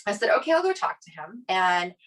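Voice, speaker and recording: A woman's voice: medium pitch, brisk. A woman co-hosting a podcast, telling a personal story in casual chat and acting out the people she quotes. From Italian family. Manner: animated storyteller, quoting others with many "like" fillers. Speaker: podcast co-host.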